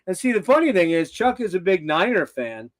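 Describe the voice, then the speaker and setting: A man's voice: sits high, sing-song, brisk. An older man hosting a casual livestream, rambling and swearing with loose laughter. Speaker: host.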